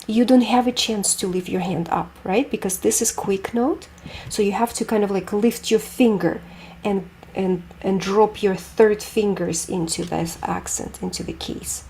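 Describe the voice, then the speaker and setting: A woman's voice: medium pitch, measured pace, warm tone, slight background noise. A woman teaching a group piano lesson, explaining technique with images and asking students questions.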